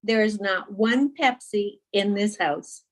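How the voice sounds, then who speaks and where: A woman's voice: mid-range voice, slow pace, rough recording. A woman sharing a personal update on a support group video call, chatty and heartfelt. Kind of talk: casual check-in on a group call.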